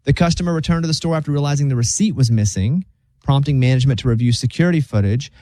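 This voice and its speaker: A man's voice: mid-range voice, fast talker, no room sound, studio quality. A man hosting a radio show, chatting casually and joking as he reads stories out. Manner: joking, animated storyteller who slips into silly voices.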